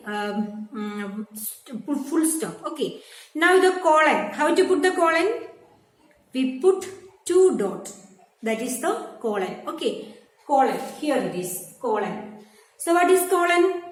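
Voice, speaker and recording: High-voiced woman teaching in an echoey room. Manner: patient, repetitive explaining with frequent "okay" and "no?". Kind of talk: classroom grammar lesson.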